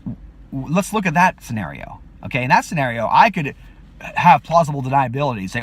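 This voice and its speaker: A man's voice: very animated, a little fast, husky. A man hosting a video, talking in a casual rambling monologue full of restarts and fillers. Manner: acts out quotes with sudden high-pitched outbursts. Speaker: video host.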